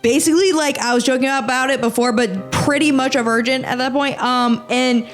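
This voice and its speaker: A young American woman hosting a podcast, reading posts aloud and reacting in an animated, exaggerated, swearing rant. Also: high voice, a little fast, faint music behind. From United States. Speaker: podcast host.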